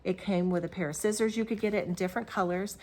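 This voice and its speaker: A woman's voice: medium pitch, steady tone, quick pace, a little mellow. A middle-aged woman hosting a crafting video, talking casually and rambling with lots of fillers and restarts. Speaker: Flosstube host. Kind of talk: casual show-and-tell vlog.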